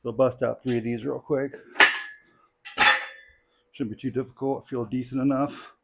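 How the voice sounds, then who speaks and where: A man's voice: medium pitch, moderate pace, creaky, slight background noise. A young man talking casually while training in his home garage gym, tired and a bit out of breath, rambling with lots of fillers. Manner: relaxed, rambling, many fillers. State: tired, out of breath between sets. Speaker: strength athlete vlogging his training. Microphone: clip-on mic.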